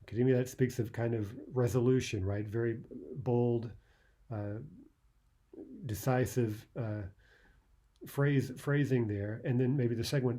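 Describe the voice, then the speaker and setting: A man with a fairly low, dark and mellow voice teaches a poetry lesson. He talks it through loosely, thinking aloud with frequent "uh"s and checking in with "right?" as he goes. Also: fairly even intonation, normal speed. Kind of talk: explaining a poem at a whiteboard.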